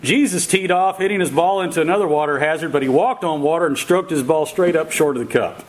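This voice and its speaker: A man's voice: a little high, fast, rough recording. A man preaching a sermon in a casual, folksy way, with fillers and chuckles at his own jokes before turning to scripture. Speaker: pastor.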